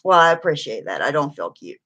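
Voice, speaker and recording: A woman's voice: deep voice, very animated, a little fast, pushed and bright. A tired woman hosting a casual live stream, chatting with viewers and greeting them by name.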